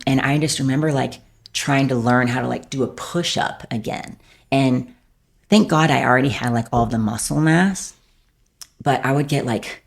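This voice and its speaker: A woman's voice: very deep voice, vocal fry, breathy edge. A woman speaking as a podcast guest, telling a personal story candidly in a rambling way, filling her phrases with "like". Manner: rambling, fills every phrase with "like".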